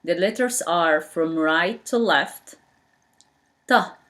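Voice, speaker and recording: Slow, patient woman teaching letters. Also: fairly low pitch, a little mellow. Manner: repeats sounds slowly and patiently, non-native English grammar. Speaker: Arabic teacher. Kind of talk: slow spoken language lesson.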